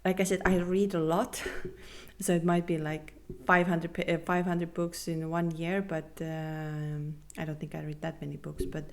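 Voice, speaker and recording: A woman hosting a spiritual podcast, talking earnestly and reassuringly with non-native phrasing, sometimes dropping to a soft half-whisper. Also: deep voice, level tone, unhurried. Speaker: podcast host and spiritual coach. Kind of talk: casual podcast monologue.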